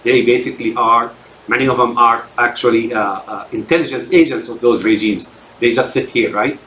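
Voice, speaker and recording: A man's voice: mid-range voice, moderate pace, sharp tone, reverberant, rough recording. A man delivering an unscripted solo rant as a commentator, speaking in emphatic sweeping declarations and stumbling over many fillers and repeated words. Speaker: political commentator.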